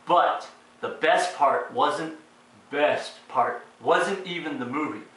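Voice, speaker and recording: Sarcastic high-voiced man ranting, echoey room. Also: slow pace, fairly bright tone. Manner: sarcastic, profane, exasperated. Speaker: retro movie reviewer. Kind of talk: casual ranting review. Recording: very echoey room, distant mic.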